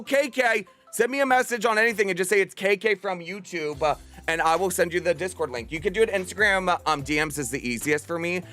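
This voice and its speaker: A man's voice: on the high side, fairly bright tone. A young man streaming from home, chatting to his viewers in a bubbly, affectionate way. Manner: bubbly, affectionate, talks fast to chat. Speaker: livestreamer. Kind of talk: casual stream chat. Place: home room.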